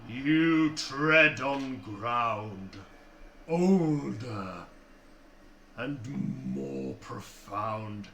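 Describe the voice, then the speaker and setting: A man voicing a huge, arrogant male frost giant who speaks slowly and scornfully. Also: vocal fry, pushed and bright, full character voice. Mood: contemptuous. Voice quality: slow, booming and contemptuous. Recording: echoey room with noise.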